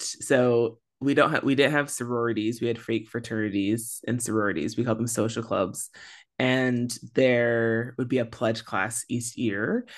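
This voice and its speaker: A young adult podcast co-host with a mid-range voice, chatting casually. The talk wanders, full of "like" and restarts. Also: medium pitch. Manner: rambling, many fillers. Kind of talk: casual chat.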